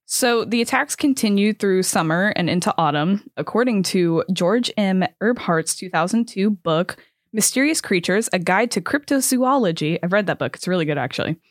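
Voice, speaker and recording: A woman's voice: mid-range voice, lively intonation, normal speed, dry recording, clean studio sound. A young woman co-hosting a podcast, chatting casually, swearing and laughing, and stumbling over words as she reads out a story. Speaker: podcast co-host. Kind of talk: casual chat, reading out a story.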